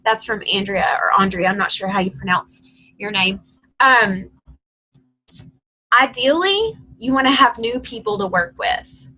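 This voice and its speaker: A woman's voice: a little high, animated, unhurried, pauses often, sharp tone, poor audio. A woman leading a team call, coaching her team in a direct, encouraging, chatty way.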